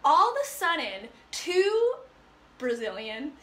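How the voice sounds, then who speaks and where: A woman life coach telling a personal story to her viewers in a chatty, animated way, full of fillers. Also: high-pitched, takes it slowly, reverberant. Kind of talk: casual storytelling to live viewers.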